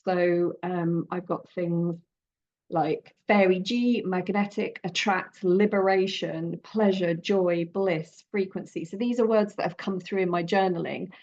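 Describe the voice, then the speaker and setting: A woman guiding a creative journaling workshop in a gentle, encouraging, loosely conversational way. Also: lowish voice, steady tone, a little slow, lo-fi sound. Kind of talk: guided creative workshop talk.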